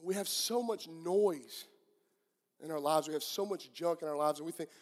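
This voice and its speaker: A middle-aged Southern US pastor with a notably high, bright-pitched voice preaches to his congregation. His words ring out with a long reverb through the church hall. He is earnest and questioning, and he stumbles into restarts as he goes. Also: moderate pace. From southeastern United States. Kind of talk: sermon. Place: church sanctuary.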